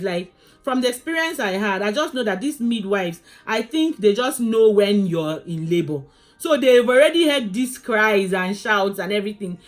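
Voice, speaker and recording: Woman animatedly retelling her birth story. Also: on the high side. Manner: animated, addresses viewers as guys, many restarts. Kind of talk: casual storytelling to camera.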